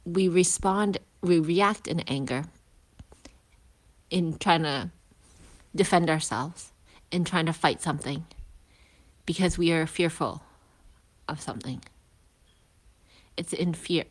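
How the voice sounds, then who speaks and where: On an outdoor walk to school, a healer who is also a parent speaks in a low register, offering a casual lesson. She reflects as she goes, pausing, starting over at times, and slipping in hushed side comments.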